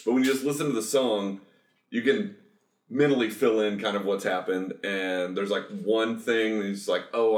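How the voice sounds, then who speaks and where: A man's voice: on the low side, roomy sound. A man co-hosting a podcast, chatting eagerly and rambling about a musical he loves. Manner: enthusiastic, rambling, quick asides. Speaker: podcast co-host. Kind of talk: casual chat about a musical.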